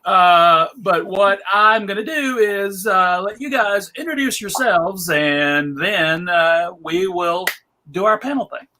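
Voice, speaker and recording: A man's voice: high voice, expressive, slow pace, bright, forceful tone, a little hiss or hum. Guy hosting a panel on a video call, jokey, bouncy up and down voice. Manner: playful, laughs often. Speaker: panel moderator.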